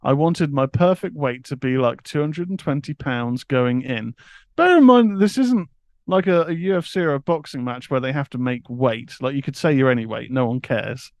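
A man's voice: medium pitch, normal speed, a little mellow, dry recording, clean studio sound. A man co-hosting a podcast, reading news items aloud and laughing often. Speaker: co-host. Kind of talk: casual chat, reading news.

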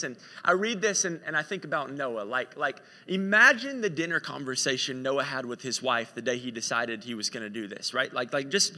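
Man, preacher, chatty storytelling sermon, fairly high, long church-hall reverb. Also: pushed and bright. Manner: conversational storytelling, repeats "like".

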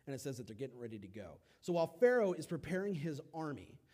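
A young man preaching a casual sermon, telling stories with animated, acted-out quotes and big swings in loudness. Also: on the high side, quick pace.

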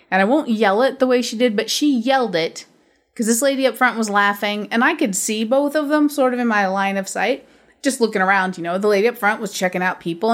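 Brief blunt, foul-mouthed woman podcast host, casual storytelling rant, mid-range voice. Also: mid-range voice. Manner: blunt, profane ranting storyteller. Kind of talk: casual chat.

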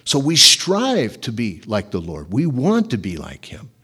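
A middle-aged pastor preaching in a lively, conversational way, asking his listeners rhetorical questions. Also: medium pitch, a little slow, breathy edge. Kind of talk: sermon.

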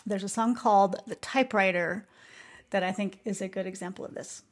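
A woman's voice: mid-range voice, steady tone, brisk. Earnest woman musing on a podcast. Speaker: podcast host. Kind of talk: reflective music podcast talk.

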